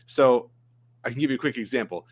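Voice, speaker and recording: A man from Maine, a guest filmmaker, chatting casually and telling a relaxed story. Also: mid-range voice, a little fast, husky. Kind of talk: casual chat.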